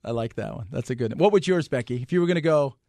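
A man's voice: mid-range voice, animated, very fast, gravelly, mellow, no echo. Ranting male radio talk host. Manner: fired up, ranting, sarcastic.

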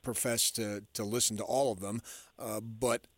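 A man's voice: lowish voice, steady tone, moderate pace, no room sound. A male sports radio co-host who rambles and trails off with fillers, speaking close to a studio mic.

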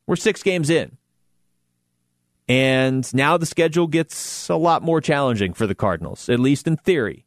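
Guy hosting sports talk, casual and animated, jokes at himself, dead dry studio mic. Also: mid-range voice, normal speed, dry recording. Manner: conversational, animated, self-deprecating asides. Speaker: sports radio host.

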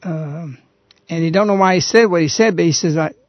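A man hosting a radio talk show, earnestly retelling a story in a halting, conversational way. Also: fairly high pitch, no room sound. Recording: dull, lo-fi radio recording.

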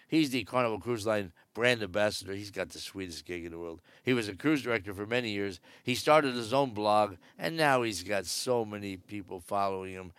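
A man's voice: fairly low pitch, fairly bright tone, smooth, dry recording. A man giving casual, wry cruise news commentary from aboard a ship, joking sarcastically. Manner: chatty and wry, jokes sarcastically.

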